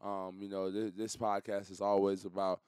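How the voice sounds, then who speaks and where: A young man, co-hosting a podcast in a relaxed chat. His voice sits low and smooth. The sound is dry and close. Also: moderate pace, dry recording. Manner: laid-back, fills with "man" and "you know". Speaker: podcast co-host. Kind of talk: casual chat.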